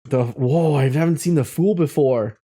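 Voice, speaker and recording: A man's voice: a little high, moderate pace, dark tone, slightly rough. A man live-streaming casually, reading chat messages aloud and drawing tarot cards, reflective and encouraging, laughing often.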